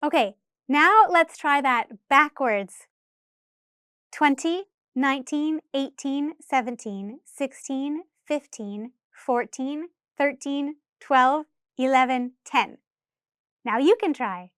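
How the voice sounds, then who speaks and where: A woman teaching English number pronunciation, counting clearly and deliberately for learners to repeat. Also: high-pitched, fairly bright tone, no echo, clean studio sound. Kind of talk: slow, careful pronunciation lesson.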